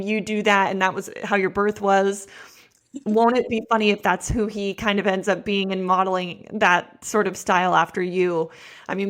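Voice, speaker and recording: A woman's voice: medium pitch, a bit bright. A young woman hosting a podcast, chatty and supportive, often answering her guest with short affirmations. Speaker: podcast host. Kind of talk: casual interview chat.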